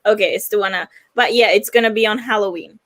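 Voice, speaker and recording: A woman's voice: medium pitch, fast, fairly bright tone, no room sound. A woman co-hosting a stream, speaking casually and hesitantly with many fillers. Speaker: stream co-host. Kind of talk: casual chat.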